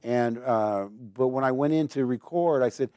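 A man's voice: medium pitch, normal speed, darkish tone, no room sound. A man, a guest actor in a live on-stage conversation, telling rambling, digressive stories and slipping into mimicked accents. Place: stage before a live audience.

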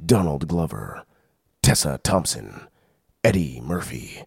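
A man's voice: low-pitched, expressive, unhurried, creaky, darkish tone, a little hiss or hum. A man reading a movie trailer voice-over who keeps breaking into exasperated, shrieking rants. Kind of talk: comic trailer voice-over rant.

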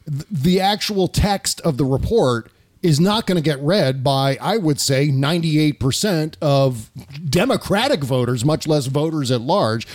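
A middle-aged man hosting a podcast, chatting about politics in a quick, joking way. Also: on the high side, a little mellow. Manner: joking, quick, does voices. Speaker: podcast host. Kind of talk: casual political chat.

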